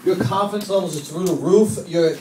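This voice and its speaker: Brief: male comedy host, fairly high voice, halting casual talk, distant echoey recording with background noise. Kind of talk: casual chat.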